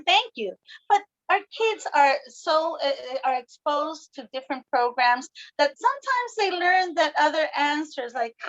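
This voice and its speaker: A woman's voice: high-pitched, no room sound, highs cut off. A woman who teaches at a private school, speaking up conversationally in an online meeting over a video call. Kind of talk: participant sharing in an online meeting.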